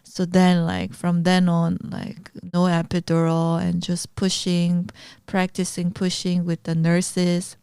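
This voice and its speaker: A woman's voice: fairly low pitch, completely flat delivery, slow, darkish tone, smooth, dry recording, studio quality. A woman co-hosting a podcast, recounting events in a matter-of-fact, casual way. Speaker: podcast co-host. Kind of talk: casual chat.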